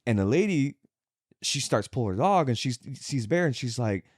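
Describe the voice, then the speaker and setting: A man's voice: mid-range voice, lively intonation, normal speed, dry recording, clean studio sound. A young man co-hosting a casual chat podcast, laughing often and acting out quotes from stories. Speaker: podcast co-host.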